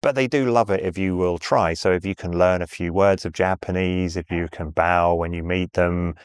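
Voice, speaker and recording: A middle-aged man with a Southern English accent, telling anecdotes in a measured, conversational interview way. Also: deep voice, fairly even intonation, smooth, dry recording, studio quality. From England. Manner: measured, anecdotal, with frequent ums and restarts. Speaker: interview guest, sales executive.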